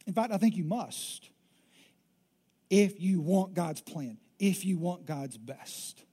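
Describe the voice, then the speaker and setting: A man in his thirties preaching a sermon as pastor, emphatic and swinging from loud declarations to hushed, intimate lines. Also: high voice, expressive, takes it slowly, slightly rough.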